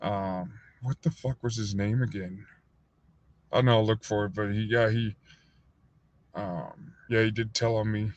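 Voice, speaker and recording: A man casually telling a rambling, profane story on a livestream, full of fillers, sometimes acting out other people in a higher voice. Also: steady tone, a little slow, long pauses. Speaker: livestream host. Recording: dull, lo-fi dry sound.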